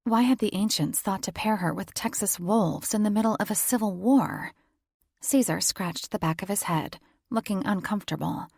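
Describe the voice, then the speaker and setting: A woman narrating a romance audiobook in a measured storytelling manner. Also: mid-range voice, vocal fry, a little mellow, husky, no echo, studio quality. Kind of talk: scripted narration.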